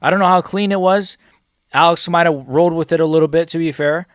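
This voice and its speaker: A man's voice: on the high side, fast talker, smooth, dry recording, clean studio sound. A young man streaming a live fight reaction, talking casually to his viewers in a muttered, profane running commentary. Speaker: MMA streamer.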